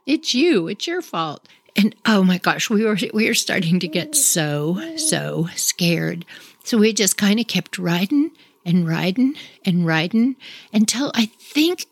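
A woman telling a personal story in a casual, animated way, with sound effects and acted-out quotes. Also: mid-range voice, no room sound.

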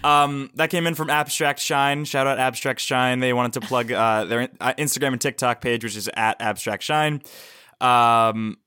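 A man with a bright, crisp voice at a middle pitch co-hosts a comedy podcast. He trades deadpan jokes and playful exaggerations in loose, casual banter. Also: moderate pace. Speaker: podcast co-host.

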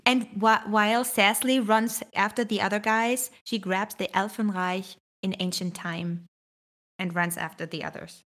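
A woman player in a tabletop role-playing session. She casually narrates what her character does, in a voice of middling pitch. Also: fairly even intonation, normal speed, fairly bright tone. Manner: casual, narrates own actions.

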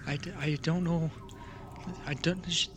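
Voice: mid-range voice, steady tone, crowd noise, pitched above the performer's own voice, close to an everyday voice. A game master voicing a frightened young dragonborn that stutters and hyperventilates. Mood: shaken. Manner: stammering, halting.

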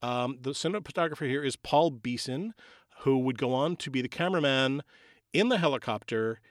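A man hosting a podcast in casual chat, animated and laughing as he talks. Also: mid-range voice, a little fast, dry recording, studio quality. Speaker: podcast host.

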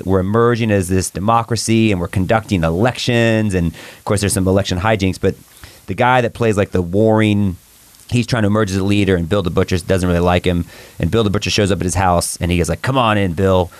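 Low-voiced man talking politics, dry sound. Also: fairly even intonation, fast talker, no room sound. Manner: rambling, self-correcting, laughing. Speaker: guest commentator. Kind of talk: political talk show discussion.

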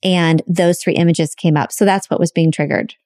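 A woman's voice: fairly low pitch, steady tone, moderate pace, a little mellow, no echo, clean studio sound. A woman co-hosting a podcast, telling a personal story openly and emotionally, swearing casually. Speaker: podcast co-host.

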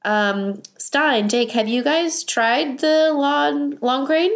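Chatty woman on a podcast, raspy, hoarse from a cold, talks slow. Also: sits high. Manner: enthusiastic, chatty. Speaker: podcast co-host. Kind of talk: casual chat.

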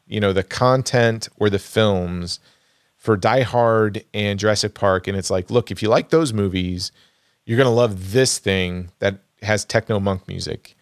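A man's voice: lowish voice, smooth, no echo, clean studio sound. A man co-hosting a podcast, chatting casually about films and thinking aloud as he goes. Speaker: podcast co-host. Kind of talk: casual movie chat.

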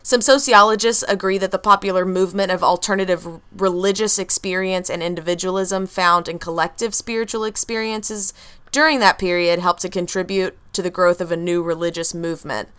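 A woman's voice: on the low side, fairly even intonation, brisk, fairly bright tone, clear, resonant tone. A woman hosting a podcast, casually talking through researched notes about a cult's history, often laughing between facts. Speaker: podcast host telling a true story. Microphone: computer mic at home.

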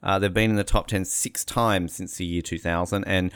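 A man's voice: low-pitched, steady tone, moderate pace, a bit bright, clean tone. A man hosting a casual panel chat, rambling and joking with plenty of filler words. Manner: rambling and jokey, many fillers. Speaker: podcast host.

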